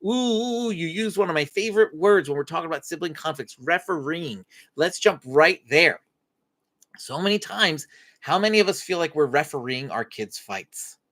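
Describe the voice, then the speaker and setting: Lively woman coaching parents. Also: sits low, normal speed. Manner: expressive teacher, acts out parent-child dialogue. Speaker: parenting coach and live-stream host. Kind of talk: faith-based parenting Q&A talk. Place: home live stream.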